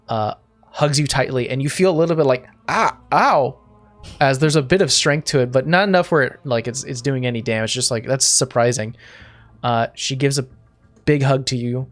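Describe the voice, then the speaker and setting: A man narrating a tabletop game as game master, describing scenes in a rambling way with many fillers and restarts. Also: medium pitch.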